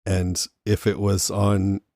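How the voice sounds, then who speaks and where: A man's voice: deep voice, monotone, takes it slowly, dark tone, dry recording, clean studio sound. A man co-hosting a podcast, reading listener comments aloud with wry jokes in casual chat. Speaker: podcast co-host.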